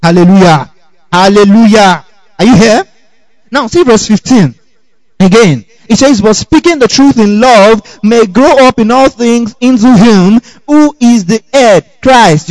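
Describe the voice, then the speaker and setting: High-voiced, animated male preacher. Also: no echo, low-quality recording. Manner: animated, keeps asking the congregation "okay?"; chuckles between points. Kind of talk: sermon.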